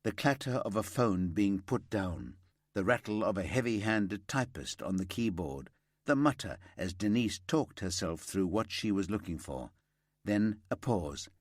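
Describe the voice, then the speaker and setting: Low-voiced man narrating expressively. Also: animated, a little slow, no echo, clean studio sound. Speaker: audiobook narrator. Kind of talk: scripted narration.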